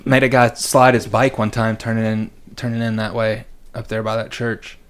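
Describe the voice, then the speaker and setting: A young adult man co-hosts a podcast, telling rambling anecdotes in casual chat and acting out the people he quotes. His voice is lowish, his delivery flat, and his pace moderate.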